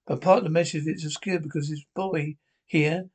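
A man's voice: fairly high pitch, steady tone, normal speed, husky. An older man, playing a bickering pensioner in a broadcast sitcom. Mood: banter. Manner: bickering, crude banter.

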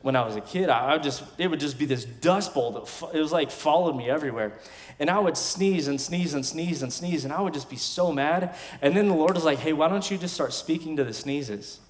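A man in his thirties, a pastor, preaching a sermon in emphatic bursts with quiet asides between. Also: on the high side, a little fast. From West Texas. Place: large church sanctuary. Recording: long hall reverb from a church sanctuary.

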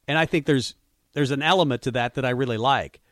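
A man talks football on a sports radio show, musing and casual with plenty of fillers. His voice sits in an ordinary middle pitch. The studio sound is dry and close. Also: fast talker, a bit bright, no room sound. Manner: conversational, musing, frequent fillers.

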